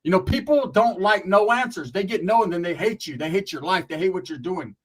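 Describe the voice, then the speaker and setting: A man's voice: sits high, expressive, fairly quick, husky, low-quality recording. A young man from Northern California ranting bluntly and profanely on his channel, tagging lines with "right?" and "bro". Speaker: YouTuber. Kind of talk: livestream rant.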